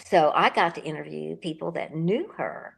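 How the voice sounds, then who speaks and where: A woman's voice: low voice, moderate pace, gravelly, slightly rough. An older woman, an author being interviewed, talking in a rambling, emotional way and correcting herself as she goes. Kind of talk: casual interview talk.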